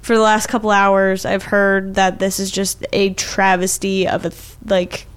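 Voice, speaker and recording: A woman co-hosting a casual podcast, ranting with exasperation and plenty of swearing. Her voice is smooth and clear, pitched in the middle range. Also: monotone, measured pace. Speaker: podcast co-host. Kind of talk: casual chat.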